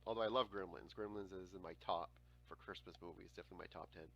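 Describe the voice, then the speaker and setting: A man in his forties hosting a casual livestream chat, telling stories in an animated way, with frequent swearing and laughter. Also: low voice, fast. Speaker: livestream host.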